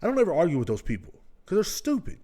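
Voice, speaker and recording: A man's voice: high voice, wildly swooping pitch, fast talker, mellow. A man hosting his own podcast, talking bluntly in a casual monologue full of swearing. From United States. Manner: blunt, ranting, heavy swearing. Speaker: podcast host. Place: at home indoors.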